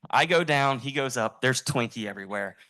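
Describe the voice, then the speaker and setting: Bright-voiced man telling a lively story. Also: medium pitch, brisk. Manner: animated storyteller, laughs through lines. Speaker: event attendee sharing a memory. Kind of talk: storytelling tribute speech.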